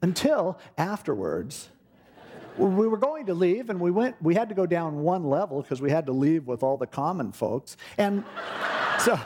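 Animated man preaching a sermon. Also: fairly high pitch, moderate pace, slightly rough. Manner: animated storytelling, acting out quoted speech. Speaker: pastor. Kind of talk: sermon with personal story.

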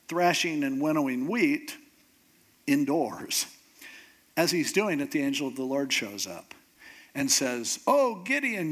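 Casual preacher, slightly high voice, chatty storyteller who acts out scenes. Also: male voice, a bit bright. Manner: conversational storyteller, acts out the characters. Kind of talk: casual Bible teaching.

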